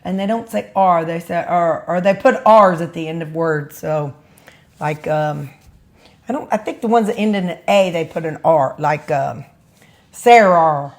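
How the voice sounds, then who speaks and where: A woman's voice: deep voice, moderate pace. A woman vlogger chatting casually about her meals, rambling and tasting food as she talks. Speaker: weight-loss vlogger. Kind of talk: casual food vlog chat.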